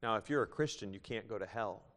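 A man's voice: fairly low pitch, fast talker, fairly bright tone, in a large hall, a little hiss or hum. A man preaching a sermon in a folksy way, reading scripture aloud and telling a joke story. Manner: folksy, reads scripture aloud and tells jokes.

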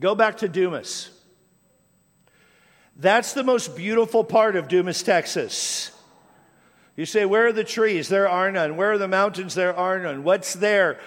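A man's voice: high voice, measured pace, pauses often, a bit bright. A middle-aged American man preaching a sermon, telling stories from his life in a conversational way and repeating place names. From United States. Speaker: pastor. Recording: long hall reverb.

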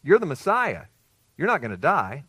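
Loud, high-pitched protest from an adult male disciple, as a preacher puts him on, his voice pushed up well above its normal range. He objects firmly and insistently, and the sound is dry and close. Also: wildly swooping pitch, normal speed, slightly rough, no room sound, heavily acted. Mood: indignant.

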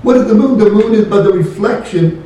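A man's voice: high-pitched, a little fast, warm tone. A man preaching a sermon, emphatic and questioning, repeating key phrases to his congregation. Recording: very echoey room, voice from a distant mic.

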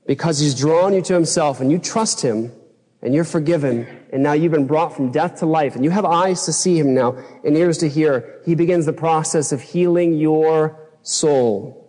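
A man's voice: on the high side, normal speed, warm tone, big-room sound. A man preaching a sermon as pastor, impassioned, acting out his own past outbursts in a raised voice. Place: church sanctuary.

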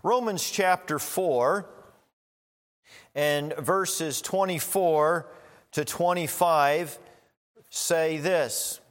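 A man preaching a sermon as a pastor, slow and deliberate, rising in emphasis on key points. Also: on the high side. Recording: long reverb of a large hall.

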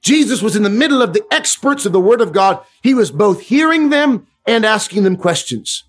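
A middle-aged man preaching a sermon with fervour, dropping to a hush and then rising loud. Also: high voice, very animated, moderate pace, slightly rough. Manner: fervent, swings from hushed to loud.

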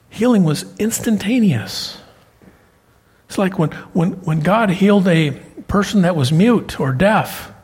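A middle-aged man preaching a sermon as pastor, animated, his pitch leaping up for emphasis. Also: slightly rough. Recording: long hall reverb.

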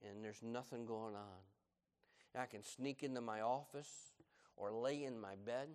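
A middle-aged man preaching a sermon, swinging from loud, animated emphasis to hushed, low tones. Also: clean tone, in a large hall. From United States. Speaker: pastor.

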